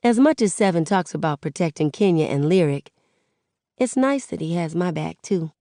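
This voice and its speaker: A woman reads a first-person novel aloud in a low voice, conversational and easy. The recording is close and dry, with no room sound. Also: expressive, normal speed, dark tone, dry recording. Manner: conversational teen-voiced storytelling. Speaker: audiobook narrator. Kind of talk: first-person audiobook narration.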